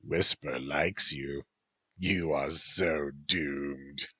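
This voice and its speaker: Man playing a gruff tengu bodyguard, deep, slow, dry mocking manner, husky. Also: fairly even intonation, bright, forceful tone, no echo, exaggerated voice.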